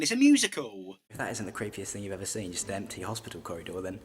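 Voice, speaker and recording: Man, bright voice, dry wry humour, comic storytelling monologue. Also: medium pitch, big pitch swings, fast talker, few pauses, a little hiss or hum.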